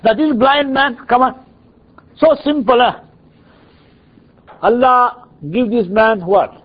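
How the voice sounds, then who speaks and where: A man, preaching as a teacher who tells the story in an animated, dramatic way, on a dull lo-fi recording. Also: very high voice, takes it slowly, slightly rough. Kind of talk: storytelling sermon.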